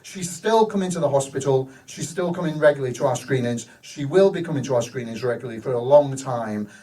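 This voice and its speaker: A man's voice: mid-range voice, animated, fast, hardly any pauses, a little mellow, far from the mic, low-quality recording. A man, a hospital cinema manager telling rambling, enthusiastic stories in a live stage interview. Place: live show venue.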